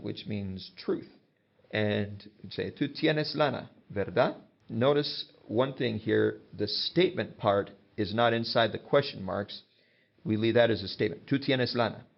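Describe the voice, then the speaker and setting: A man teaches a grammar lesson in a patient, explanatory way, stepping through example sentences one at a time. His voice sits low and has a gravelly edge. The recording sounds dull and lo-fi.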